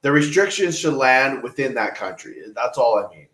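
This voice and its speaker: A man's voice: mid-range voice, animated, normal speed, a bit bright, echoey room, rough recording. A man from Canada co-hosting a casual political podcast, laid-back and blunt. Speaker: podcast co-host.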